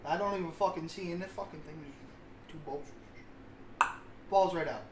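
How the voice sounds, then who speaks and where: Brief: guy, slightly high voice, cusses constantly through rambling stories, roomy mic with light hiss. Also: normal speed. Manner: rambling, heavy swearing, self-mocking. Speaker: podcast co-host. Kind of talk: casual storytelling. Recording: roomy sound with faint hiss.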